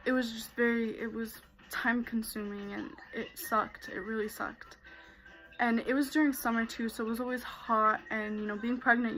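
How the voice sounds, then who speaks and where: A woman's voice: a little high, fairly bright tone, rough recording. A young woman vlogger telling a personal story in a casual way, full of fillers. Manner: casual, many fillers like "like" and "you know".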